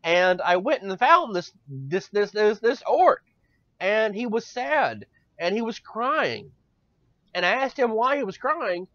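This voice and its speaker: A man's voice: high-pitched, big pitch swings, slow, fairly bright tone, no room sound, voice pushed up, heavily acted. A man putting on the voice of a self-absorbed male orc shaman who rambles on, boasting. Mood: rambling. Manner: long-winded, boastful. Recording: dull dry lo-fi recording.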